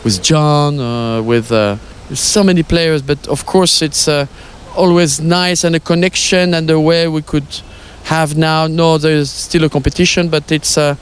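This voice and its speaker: A man's voice: on the high side, fairly even intonation, unhurried, few pauses, a little hiss or hum. Older French-accented man, outdoors. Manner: hesitant, many fillers, playful. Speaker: former tennis pro interviewee. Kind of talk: casual interview.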